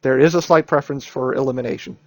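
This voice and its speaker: A male instructor walks students through exam answers, stressing key ideas over and over and tagging lines with "okay?" and "right?". His voice sits at an ordinary pitch, recorded dry and close with no room sound. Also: steady tone, fast, a little mellow, dry recording. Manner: emphatic, repeats key points with frequent "okay?" and "right?". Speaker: chemistry instructor. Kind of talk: lecture reviewing an exam.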